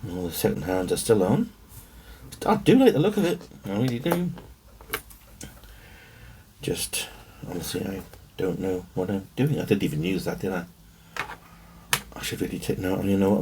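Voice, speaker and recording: A man's voice: low voice, animated, normal speed, vocal fry, darkish tone, a little hiss or hum. A man thinking aloud to himself as he works, rambling and muttering. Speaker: watch-building hobbyist. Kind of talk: thinking aloud while working.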